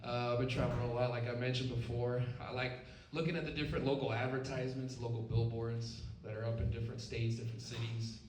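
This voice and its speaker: A man's voice: mid-range voice, completely flat delivery, quick pace, hardly any pauses, darkish tone, distant mic, slight background noise. A stand-up comedian from Stockton, California, performing a live set in a lounge and tagging his punchlines with "right?" and "okay?". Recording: roomy club sound from off-mic, crowd laughter.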